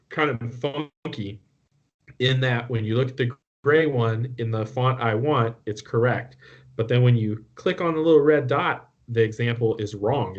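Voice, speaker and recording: A man co-hosting a podcast, telling a story in a casual, profane and exasperated way. His voice jumps up when he gets worked up. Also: medium pitch. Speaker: podcast co-host. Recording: muffled lo-fi podcast audio.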